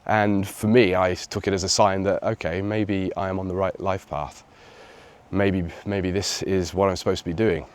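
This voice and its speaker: An English man tells a personal story for his video channel, his voice sitting a little low. He speaks reflectively and grows lively when he quotes other people. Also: moderate pace, smooth. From England. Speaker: vlogger.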